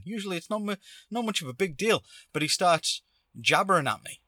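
A man's voice: high voice, very animated, a little fast, pushed and bright, dry recording, clean studio sound. A man hosting a podcast, telling a story casually and animatedly, acting out quotes. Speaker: podcast host.

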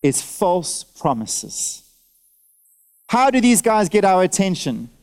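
A man preaching a sermon to his church, lively and direct, throwing out rhetorical questions and asking the congregation for nods and amens while wearing a mask. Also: high voice, takes it slowly, smooth. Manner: talks directly to listeners, asks for nods and amens. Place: church service.

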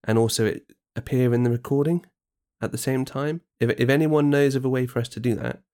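A man co-hosting a podcast in casual chat, chatty and quick to agree, often restarting his sentences. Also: medium pitch, steady tone, mellow, clean tone. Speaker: podcast co-host.

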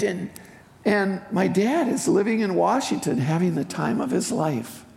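Older preacher from wisconsin telling a slow heartfelt story, bit of fry, roomy church echo. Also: mid-range voice. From eastern Wisconsin, US. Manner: heartfelt, unhurried storytelling with emotional swells. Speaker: guest speaker at a church service. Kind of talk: personal testimony sermon. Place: church sanctuary. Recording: echoey hall with faint music.

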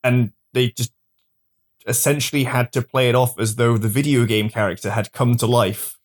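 A man's voice: mid-range voice, steady tone, normal speed. A man co-hosting a casual chat, jokey, often restarting his sentences. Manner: jokey, acts out mock dialogue, frequent restarts. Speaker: podcast co-host.

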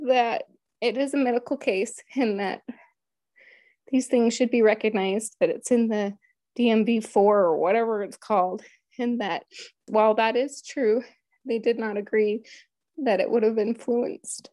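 A woman's voice: fairly high pitch, steady tone, a little slow, mellow, no echo. A woman telling a personal story in an interview, in an earnest, emotional way. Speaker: interview guest.

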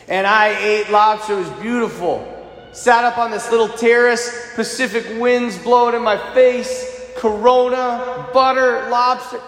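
A man telling an animated personal anecdote, retelling it dramatically with shouted bursts. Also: high voice. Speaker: storyteller. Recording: roomy hall with long reverb.

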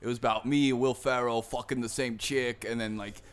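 A man's voice: mid-range voice, fairly even intonation, a little fast, close to an everyday voice. A man putting on the voice of a cocky, self-promoting middle-aged movie star who rambles and brags. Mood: boastful.

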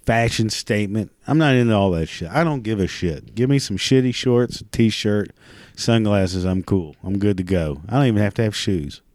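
Guy ranting, cussing nonstop, kinda low voice, rambles and restarts a lot, dry close sound. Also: expressive, normal speed, a little mellow, no echo. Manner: profane, crude, ranting. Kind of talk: casual monologue rant.

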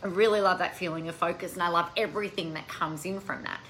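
A bright-voiced woman hosts a live stream and chats with her viewers in a lively, animated way, swearing casually as she goes. A faint hiss of noise sits behind her voice. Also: lowish voice, fast talker, rough recording. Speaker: coaching podcast host.

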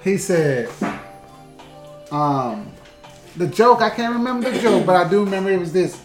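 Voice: mid-range voice, normal speed, soft background music. Co-host, casual storyteller, stammering restarts, roomy echo. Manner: animated, acts out quoted voices, stammering restarts. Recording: roomy echoey room.

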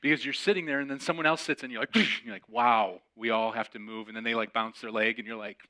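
A man's voice: medium pitch, quick pace. A man hosting a podcast, telling a personal story as a sermon and acting out the voices of the people in it. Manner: animated, acts out quoted voices. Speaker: podcast host and preacher.

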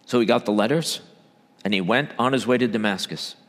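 A man, a church elder, preaching a sermon, swinging between loud emphatic bursts and low quiet asides. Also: moderate pace, long reverb tail.

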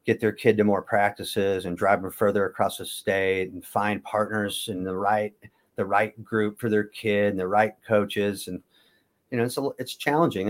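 A man in his fifties from Kansas, a former wrestler telling long stories in a casual interview, often correcting himself as he goes. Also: on the low side. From Kansas, USA. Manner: rambling, self-correcting storyteller.

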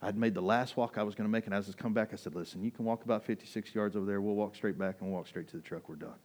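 A pastor delivering a sermon as an animated, emphatic storyteller, a man whose voice swings between hushed and loud. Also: on the low side, rapid-fire.

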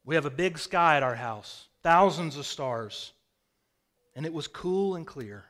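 A male pastor preaching in a storytelling style, his voice sitting a little higher than most men's. He swings from loud, emphatic bursts down to quiet, drawn-in phrases. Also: expressive, measured pace. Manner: storytelling, dramatic swings in loudness. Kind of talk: sermon. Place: rural home with a hayfield.

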